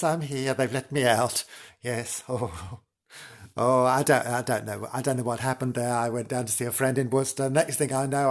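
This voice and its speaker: A man's voice: medium pitch, lightly acted. A man playing Janice, a dotty tipsy woman. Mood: flustered. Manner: rambling, giggly, scatterbrained. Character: dotty tipsy woman wandering a haunted castle.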